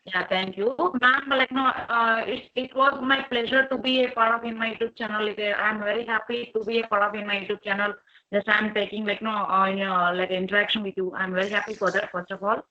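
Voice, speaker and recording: A woman's voice: mid-range voice, fairly even intonation, brisk, pushed and bright, dull audio. A woman hosting a chat, talking hesitantly with many fillers and restarts. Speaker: host. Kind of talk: casual interview chat.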